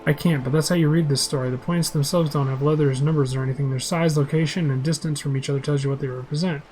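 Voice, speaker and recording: A man's voice: on the high side, steady tone, fast, darkish tone, faint music behind, low-quality recording. A man reading a role-playing game's dialogue aloud in a plain voice, with small slips and restarts. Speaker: game describer.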